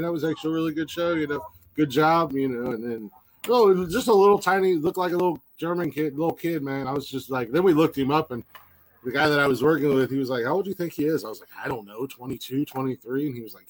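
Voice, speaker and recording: A man's voice: medium pitch, fast talker, slight background noise, rough recording. A man co-hosting a podcast, telling a story in a rambling, casual way and acting out the lines of the people in it. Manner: rambling, many fillers and restarts, acts out quoted dialogue. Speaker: podcast co-host.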